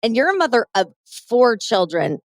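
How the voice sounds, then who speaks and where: A woman's voice: a little high, very animated, moderate pace, no room sound. A woman hosting a podcast interview, joking and blunt, with casual swearing. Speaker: podcast host.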